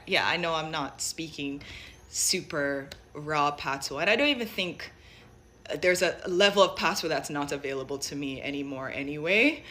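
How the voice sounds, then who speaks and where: Young woman, bit of jamaican accent mixed w american, slightly low voice, rambly and thoughtful. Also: bright, forceful tone. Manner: thoughtful, many fillers like "like" and "you know". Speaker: vlogger. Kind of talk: reflective casual monologue.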